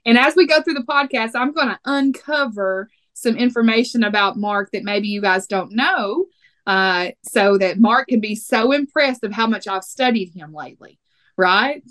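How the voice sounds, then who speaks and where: High-voiced chatty Texan woman. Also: moderate pace, a bit bright. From Texas. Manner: chatty, playful and teasing. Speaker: podcast host. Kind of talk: casual podcast chat.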